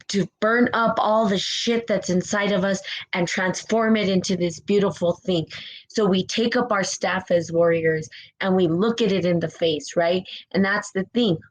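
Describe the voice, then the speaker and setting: A woman's voice: mid-range voice, steady tone, moderate pace, low-quality recording. A woman hosting a spiritual live stream, giving a fervent, emotional motivational talk. She is close to tears and keeps asking "right?" as she goes. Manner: fervent and emotional, repeats phrases, asks "right?". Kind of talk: impassioned motivational talk, reading viewer comments.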